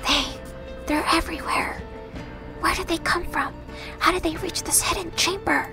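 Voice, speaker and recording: A woman in whispered role-play, voicing a small frightened firefly creature that pleads and cries out in a breathy, high whisper. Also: steady tone, moderate pace, music in the background. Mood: desperate.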